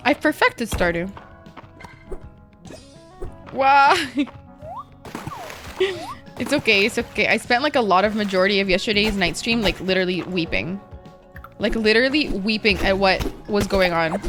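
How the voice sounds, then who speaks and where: A woman's voice: medium pitch, moderate pace, music in the background. A woman streamer chatting casually while gaming, rambling and emotional, with lots of "like" and swearing.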